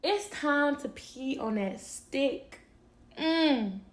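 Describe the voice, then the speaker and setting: Young woman spilling a story, kinda high voice, blunt and animated, cusses a lot. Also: very slow. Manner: candid, animated, swears and laughs often. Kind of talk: casual storytelling.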